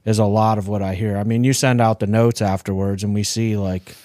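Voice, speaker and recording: Low-voiced storytelling man. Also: steady tone, a little fast, warm tone, no room sound, clean studio sound. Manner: storytelling, jokey. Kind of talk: casual conversation.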